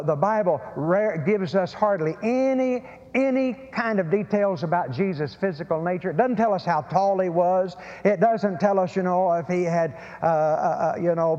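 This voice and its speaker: In a lo-fi recording from a reverberant hall, a man with a slightly high, darkish voice preaches a sermon. He is emphatic and tends to repeat words and restart his phrases.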